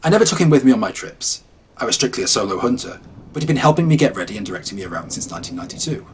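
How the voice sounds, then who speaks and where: A man reads a first-person horror tale as scripted narration. His delivery stays calm and measured, and his voice sits at an ordinary middle pitch. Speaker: horror storyteller.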